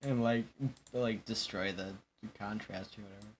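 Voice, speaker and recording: A man's voice: lowish voice, fairly even intonation, moderate pace, a little hiss or hum. A young man hosting a casual chat stream, rambling and joking, often breaking into laughter. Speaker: stream host.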